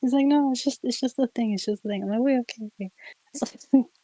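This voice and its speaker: A young woman streamer casually telling a ghost story, animated and giggly, full of "like" fillers. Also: on the high side, brisk, dry recording, low-quality recording. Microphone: streaming mic.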